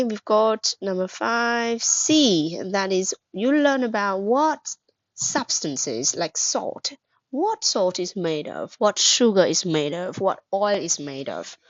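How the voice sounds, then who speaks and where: Here a medium-pitched woman gives an English lesson, captured on a muffled recording without echo. Patient throughout, she questions, then praises, spells out words, and offers Vietnamese glosses drawn from her mother tongue.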